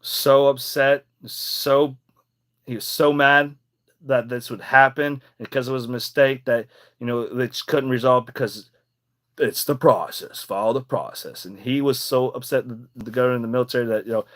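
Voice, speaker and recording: Young male podcast host, mid-pitch, rambling and emphatic, swears casually. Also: fairly even intonation, moderate pace, a bit bright. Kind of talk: casual personal storytelling.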